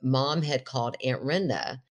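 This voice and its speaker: Deep-voiced woman telling a story on a podcast, laughs a lot, acts out the quotes. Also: a little slow. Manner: animated storyteller, laughs often, quotes herself in a raised voice. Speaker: podcast co-host. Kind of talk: casual chat, storytelling.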